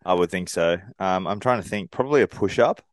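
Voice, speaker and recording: A man's voice: low voice, fast, no echo. A young man co-hosting a podcast, telling stories in an easygoing way and chuckling as he goes. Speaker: podcast co-host. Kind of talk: casual chat.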